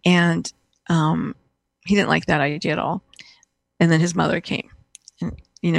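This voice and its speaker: A woman's voice: on the low side, flat delivery, normal speed, creaky, long pauses, no echo. A middle-aged woman, a guest in conversation, telling a personal story in a rambling way with many restarts and fillers.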